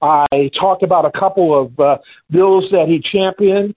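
A high-voiced, husky man hosts a radio talk show and chats with his guest. He tells his stories in an animated way and talks right through his fillers. The sound is thin and phone-like. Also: unhurried. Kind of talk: casual on-air chat.

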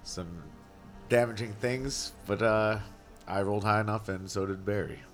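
A man's voice: lowish voice, fairly even intonation, normal speed, faint music behind. A man narrating as game master, casual and descriptive, with frequent fillers.

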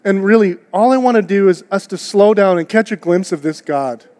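A man's voice: sits high, fairly quick, a little mellow. A man preaching a sermon to his church in an earnest, conversational way, asking his listeners rhetorical questions. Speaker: pastor. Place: church auditorium. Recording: long hall reverb.

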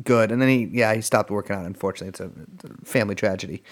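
A podcast co-host chatting casually with a sardonic, rambling manner and frequent laughter. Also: male voice, fairly low pitch, rapid-fire. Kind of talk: casual chat.

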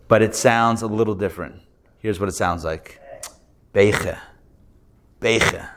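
A man's voice: lowish voice, moderate pace. A male rabbi teaching a live Hebrew reading class, patiently sounding out syllables and repeating them. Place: class recorded live in a room.

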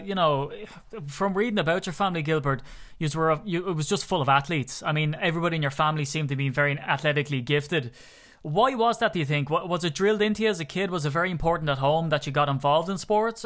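Irish guy hosting a podcast, bright forceful voice, a bit high, chatty and jokey. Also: quick pace. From Ireland. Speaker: podcast host. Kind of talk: casual interview chat.

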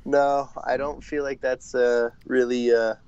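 A man's voice: mid-range voice, flat delivery, measured pace, darkish tone, clear, resonant tone, dry recording. Canadian guy in his 30s, laughs lots, lots of uhs and ums, kinda dull lo-fi audio. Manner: laughs often, hesitant with many fillers, swears casually. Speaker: podcast guest, brewer. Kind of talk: casual chat.

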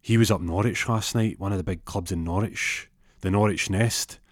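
A man telling a rambling, absurd comic story in a deadpan way. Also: low voice, normal speed, dry recording, clean studio sound.

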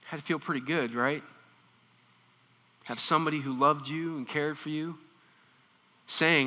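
A man preaching a sermon, animated, swinging between quiet explanation and intense emphasis. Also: a little high, measured pace, pauses often. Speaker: pastor. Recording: reverberant hall.

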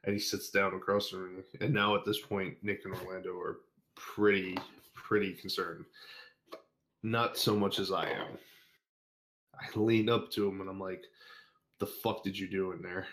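A young man with a very deep voice tells a crude story in loose, casual chat. He curses freely and acts out what everyone in the story said. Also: moderate pace, pauses often. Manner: crude, animated anecdote with acted-out quotes. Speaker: guest storyteller.

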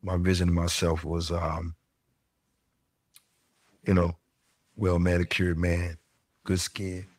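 Male interview guest with a very low voice, halting and reflective, recorded dry. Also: monotone, a little mellow, dry recording. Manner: halting, reflective, stammers often.

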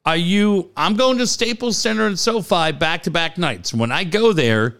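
Animated, smooth-voiced sports talk host. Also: male voice, high voice, moderate pace. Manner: animated, profane, joking. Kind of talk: casual sports chat. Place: garage studio.

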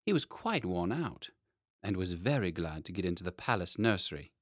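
A man narrating a children's story in an expressive, playful way. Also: low voice, moderate pace, dry recording, clean studio sound. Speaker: audiobook narrator.

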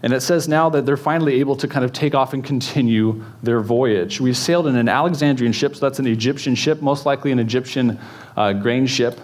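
A man's voice: medium pitch, brisk. Chatty male pastor, joking with congregation. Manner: chatty, joking, many fillers and restarts. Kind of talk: casual sermon teaching. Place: church in front of a congregation.

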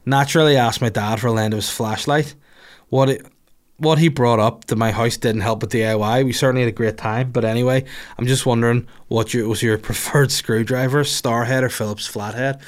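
A man's voice: medium pitch, steady tone, fairly quick. A man hosts a comedy podcast in loose, rambling chat. He answers listener questions with crude, sarcastic riffs and plenty of swearing. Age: older than the others, adult.

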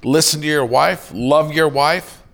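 A middle-aged male pastor preaching with earnest conviction, his voice gravelly with fry. He sits a touch higher than most men and often slips into acting out short quoted lines from his stories. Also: measured pace, fairly bright tone. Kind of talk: sermon.

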